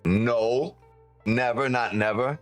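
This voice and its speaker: A man's voice: mid-range voice, slow, soft background music. A man, a trading streamer, chatting casually on a live stream, swearing a lot, joking and laughing often.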